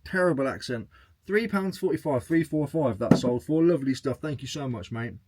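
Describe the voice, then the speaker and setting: A man's voice: mid-range voice, animated, brisk, background noise. A man chatting casually to camera as a reselling vlogger, joking as he goes through his sales. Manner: chatty and jokey, reading out sales.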